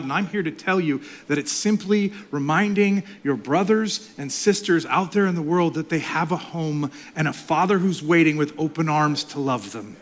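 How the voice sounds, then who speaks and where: Preaching in a voice on the high side, this middle-aged pastor alternates between passionate, loud delivery and quiet whispers.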